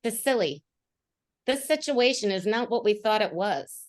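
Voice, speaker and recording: A woman voicing a sharp-tongued young female bard who berates her enemies in a tabletop game. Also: mid-range voice, lively intonation, normal speed, lightly acted. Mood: urgent. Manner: scornful, berating.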